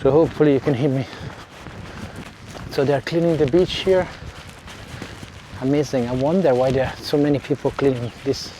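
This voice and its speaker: A man's voice: mid-range voice, steady tone, moderate pace, pauses often, mellow, a little hiss or hum. A man with an Italian accent, walking and chatting casually to viewers by a seaside harbour, often correcting himself and apologising. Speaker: vlogger. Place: outdoors by a seaside village harbour and beach. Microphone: clip mic under a jacket.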